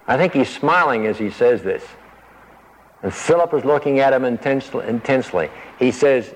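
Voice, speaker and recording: A man's voice: mid-range voice, normal speed, long reverb tail, rough recording. A man giving a conversational Bible teaching, thinking aloud as he explains the passage and acting out the quoted lines.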